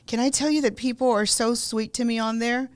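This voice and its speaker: Smooth-voiced middle-aged woman psychic. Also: a little high, fairly even intonation, a little fast. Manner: warm, earnest, reassuring about intuition. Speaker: psychic card reader, podcast guest. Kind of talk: casual podcast chat. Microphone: studio microphone.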